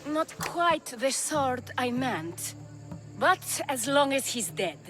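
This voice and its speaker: A woman's voice: high-pitched, sing-song, slow pace, over music, exaggerated voice. An actress playing a sultry, teasing female brothel madam.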